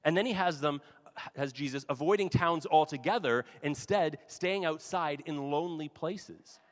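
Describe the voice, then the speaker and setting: A man's voice: on the high side, normal speed. A man preaching a sermon as pastor, talking in a casual, conversational way with asides. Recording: long hall reverb.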